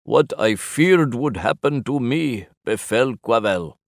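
A grave older scientist, played by a male narrator, speaks in formal, measured sentences. His gravelly voice swings widely in pitch. It is an audiobook character. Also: sing-song, no room sound, clean studio sound, full character voice.

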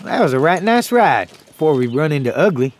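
An actor playing an ornery, cantankerous old cowboy sidekick with a gruff folksy drawl in an audio drama. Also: male voice, fairly high pitch, big pitch swings, brisk, slight background noise. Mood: taunting. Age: older.

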